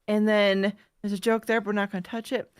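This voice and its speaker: A woman in her thirties co-hosts a podcast while nursing a cold. She rambles through her stories in easygoing chat and laughs at her own mishaps. Her pitch sits in the middle range. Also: flat delivery, fairly quick, smooth. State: has a cold. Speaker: podcast co-host. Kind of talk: casual chat.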